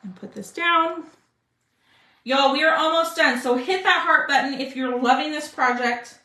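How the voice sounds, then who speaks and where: Bright, chatty craft host. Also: female voice, high-pitched, moderate pace, echoey room. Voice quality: chatty, talks to viewers with "y'all". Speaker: craft live-stream host. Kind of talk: casual live craft demo.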